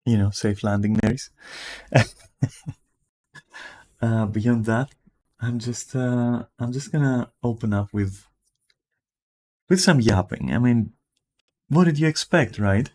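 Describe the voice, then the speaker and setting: A man streaming from home with a raspy, just-woken-up voice, rambling casually and swearing now and then. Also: mid-range voice, slow, pauses often, a little mellow. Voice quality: raspy morning voice. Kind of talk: casual livestream chat. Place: at home in front of a camera.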